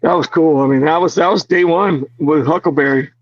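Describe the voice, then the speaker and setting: A man being interviewed as an actor guest, telling stories in an animated way, laughing often and full of fillers. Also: on the high side, a little fast, highs cut off. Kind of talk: casual interview storytelling.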